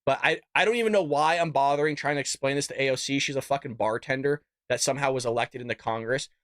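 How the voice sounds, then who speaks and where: A man's voice: quick pace, dry recording, studio quality. A man hosting a live political commentary stream, ranting heatedly with profanity and mock voices. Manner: heated, profane ranting that swings loud and high. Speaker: political commentary show host.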